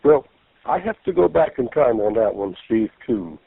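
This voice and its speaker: A man's voice: medium pitch, lively intonation, normal speed. A man in his seventies, a pastor, telling his story earnestly in a radio interview and acting out what people said. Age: 70s. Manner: earnest, retells events by acting out the voices. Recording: gravelly voice over a tinny phone line.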